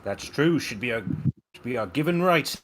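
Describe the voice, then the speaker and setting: A man's voice: medium pitch, lively intonation, normal speed, a bit bright. A man playing a chatty little gnome. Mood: chummy. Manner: exclaims with old-fashioned slang. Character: stout little male gnome, chatty and jolly.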